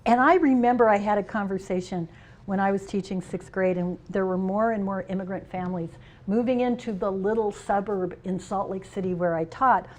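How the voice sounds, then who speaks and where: In a conference hall, a middle-aged woman who is a union president gives a speech in a brisk, mid-range voice. She shares humorous personal stories, moving between loud and soft delivery.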